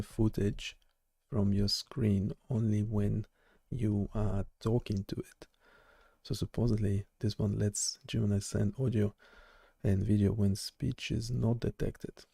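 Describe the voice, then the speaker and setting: A man hosting a live coding stream, chatting casually and haltingly with lots of fillers and restarts. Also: fairly low pitch, fairly even intonation, gravelly, warm tone, husky, no echo, clean studio sound. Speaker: live-stream host and developer.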